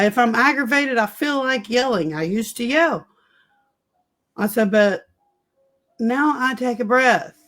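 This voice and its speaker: A middle-aged woman in casual conversation, frankly telling personal stories about parenting. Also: on the high side. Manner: candid, personal storytelling. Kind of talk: casual chat.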